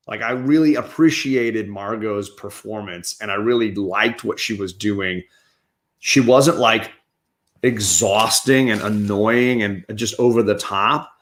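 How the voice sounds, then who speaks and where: Speaking a little slowly in a lowish, fairly bright voice, a man hosts a laid-back show reviewing comics and movies. He talks through his film opinions in a chatty, opinionated way, restarting often.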